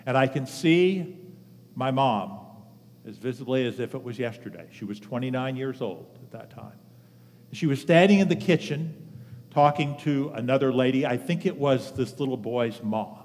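A man in his seventies giving a sermon as pastor, telling a personal story earnestly with measured pauses. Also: mid-range voice, expressive, darkish tone. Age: 70s. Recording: long reverb of a large hall.

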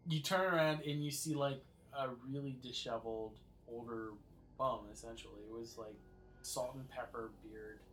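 A man's voice: medium pitch, fairly even intonation, moderate pace, a bit bright, rough recording. Man running a tabletop game over music. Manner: loose, filler-heavy narration with frequent "like". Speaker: game master.

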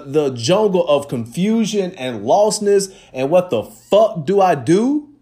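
A man hosting a podcast, talking in a casual, profane and emphatic monologue. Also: high-pitched. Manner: animated, profane, emphatic storytelling. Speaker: podcast host.

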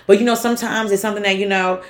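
A woman's voice: medium pitch, fairly even intonation, rapid-fire. A woman co-hosting a podcast in playful, casual chat, swearing freely. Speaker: podcast co-host.

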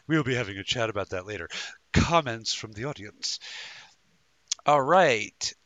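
Man, live show host, rambling, jokey, bright tone, dry close sound. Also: medium pitch, lively intonation, normal speed, dry recording. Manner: rambling, jokey, stumbling restarts. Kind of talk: casual live-show chat.

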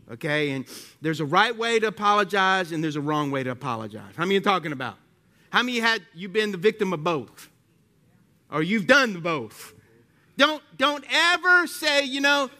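The sermon comes from a high-pitched male pastor with a Southern American accent, alternating between loud, animated delivery and whispered prayer.

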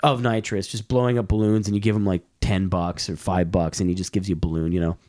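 A man's voice: sits low, flat delivery, fast, a little mellow. Laid-back man telling rambling stories. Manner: rambling storyteller, laid-back, self-mocking. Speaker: podcast host. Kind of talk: casual chat.

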